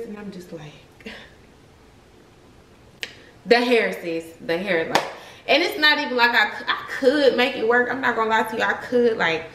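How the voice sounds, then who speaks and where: A woman's voice: fairly high pitch, normal speed, long pauses, fairly bright tone, a little hiss or hum, rough recording. A young woman chatting casually to her viewers in a slangy vlog, often laughing, at times from a car. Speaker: vlogger. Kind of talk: casual vlog chat to camera.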